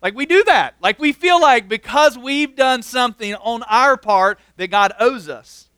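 High, bright-voiced man preaching casually. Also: a little slow, smooth, dry recording. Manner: casual, constantly says "like". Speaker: pastor. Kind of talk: conversational sermon.

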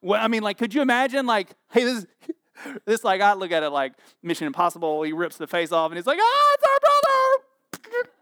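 A man's voice: high-pitched, fast, clean tone, no echo, studio quality. A man in his forties preaching a sermon, telling scripture stories with humor and acted-out voices. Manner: animated, joking storyteller with acted-out voices. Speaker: pastor.

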